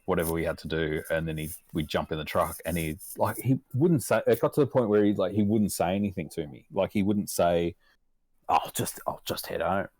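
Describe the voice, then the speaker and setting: A man's voice: low-pitched, fairly quick, few pauses, darkish tone, no room sound. An Australian man telling a story in casual podcast chat, laid-back and rambling, swearing constantly. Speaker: podcast guest.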